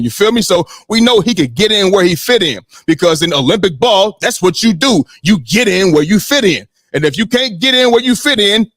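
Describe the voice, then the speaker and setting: Higher-voiced man, loose profane sports talk. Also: no echo, clean studio sound. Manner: animated, loose and profane, leans on "you know what I mean". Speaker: sports podcast host.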